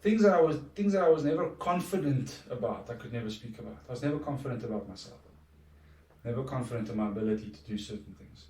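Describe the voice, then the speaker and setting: A man's voice: mid-range voice, animated, quick pace, a little mellow, slight background noise. Earnest man in an echoey room. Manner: reflective, earnest, with frequent restarts. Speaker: podcast guest. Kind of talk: casual conversation. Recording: echoey room, distant from mic.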